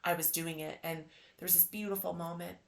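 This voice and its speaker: A woman's voice: on the low side, fairly quick, creaky. Woman telling a personal story. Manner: emotional, animated retelling with acted quotes. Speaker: podcast host.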